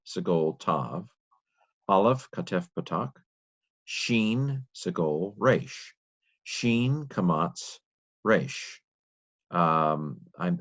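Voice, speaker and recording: Slow, deep-voiced man teaching. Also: muffled recording. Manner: slow, halting, thinking aloud. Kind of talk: reading a text aloud letter by letter, with commentary.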